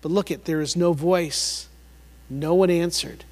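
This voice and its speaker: A man preaching a sermon as a pastor, emphatic, repeating words for emphasis and swinging between loud and hushed delivery. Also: fairly high pitch, fairly even intonation, unhurried, long reverb tail.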